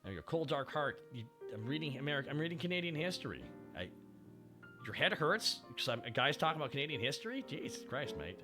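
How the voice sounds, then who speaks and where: A young man streaming while driving, reading history aloud with animated, profane, sarcastic asides. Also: mid-range voice, fast, music in the background.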